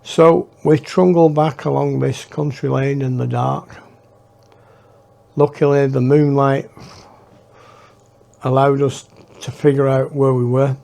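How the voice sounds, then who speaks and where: Reflecting and rambling through his memoir, a northern English man in his 60s speaks slowly and flatly, pausing often. His voice is medium in pitch, gravelly, and darkish.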